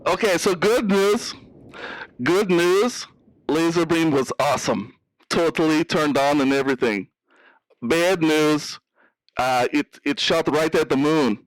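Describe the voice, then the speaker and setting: A man doing a sloppy, drunk hacker caller with a put-on Russian-flavored accent, slurring through a brash, careless boast in a dry, close recording. His voice sits a little higher than most men's. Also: slow, no room sound, rough recording. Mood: drunk bragging. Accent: put-on Russian-sounding. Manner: slurring, brash, says bro and dude. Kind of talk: improvised radio call-in comedy.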